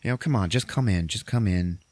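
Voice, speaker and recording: A man's voice: fairly low pitch, fairly quick, a little mellow, natural voice. A man putting on a small male sidekick thief who pleads and coaxes in a whiny tone. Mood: pleading. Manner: coaxing, whiny.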